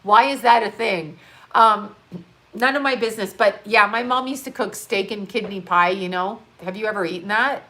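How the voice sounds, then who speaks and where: A woman's voice: medium pitch, moderate pace, pushed and bright. A woman hosting a casual live stream, rambling between topics, swearing freely and laughing as she talks. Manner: laughs often while talking. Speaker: livestream host. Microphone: on-camera mic.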